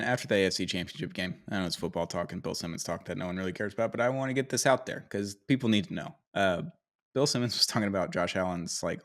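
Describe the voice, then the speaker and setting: A man co-hosting a casual sports podcast, joking and often laughing mid-sentence. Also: sits low. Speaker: podcast co-host.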